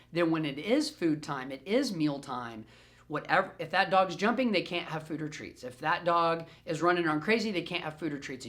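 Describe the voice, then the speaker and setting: A man who trains dogs, answering questions in a recorded group session in an animated, playful way and repeating phrases for emphasis. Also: a little high. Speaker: dog trainer. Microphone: self-recorded camera.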